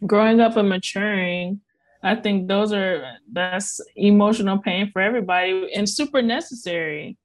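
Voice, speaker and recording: A woman hosting a casual interview podcast, talking animatedly and laughing often. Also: normal speed. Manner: animated, laughs often, rises high when excited. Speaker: podcast host.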